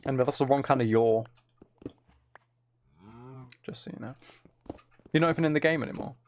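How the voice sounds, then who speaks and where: A man's voice: mid-range voice, normal speed, a little mellow, slight background noise. A man chatting casually with his live-stream audience while he plays a game, rambling, joking and teasing viewers.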